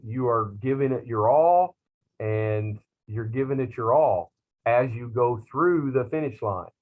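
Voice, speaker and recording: A middle-aged man, a culinary instructor talking to his class in a slow, rambling, self-teasing way with many fillers. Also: on the low side, narrow, tinny audio. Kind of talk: class talk to students.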